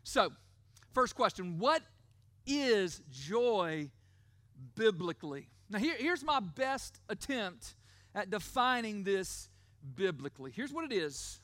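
A middle-aged male pastor giving a sermon. He stresses key words, slows down to repeat them, and often checks in with "right?". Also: high-pitched, very animated, bright, forceful tone, dry recording. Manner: emphatic, repeats key words slowly, asks the crowd "right?".

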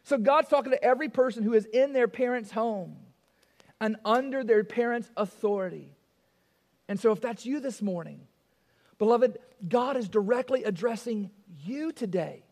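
A man's voice: extremely high pitch, normal speed, darkish tone, long reverb tail. A male pastor preaching a sermon. He is emphatic, repeats key phrases and asks the congregation rhetorical questions.

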